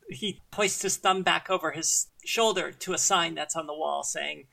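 A man narrating a tabletop game as game master, in a relaxed, descriptive way. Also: on the high side, normal speed, gravelly, few pauses.

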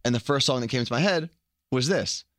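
A man's voice: medium pitch, brisk, a bit bright, dry recording, studio quality. A young American man co-hosting a radio show, chatting casually and joking. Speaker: radio co-host. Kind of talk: casual chat.

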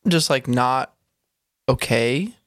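A man's voice: medium pitch, takes it slowly, background noise. A man co-hosting a podcast, crude and teasing, laughing often in casual banter. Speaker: podcast co-host.

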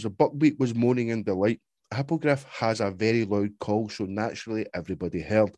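A man's voice: lowish voice, fairly quick, mellow, no room sound. A man co-hosting a podcast, reading aloud and bantering with laughter and swearing. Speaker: podcast co-host. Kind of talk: casual chat and reading aloud.

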